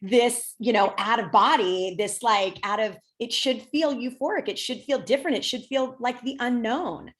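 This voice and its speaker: A woman's voice: on the high side, normal speed, hardly any pauses. A woman dating coach chatting on a podcast, talking freely with many fillers. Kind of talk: casual podcast chat.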